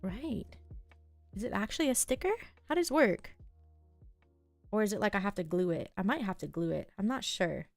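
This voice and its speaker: A young woman chats softly and casually on a live stream, full of fillers and little asides as she works. Her voice carries a light gravelly fry. A faint layer of music plays behind her. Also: mid-range voice, lively intonation, normal speed, pauses often. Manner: soft, musing, talks to herself and chat with many fillers. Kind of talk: casual live-stream chat while journaling.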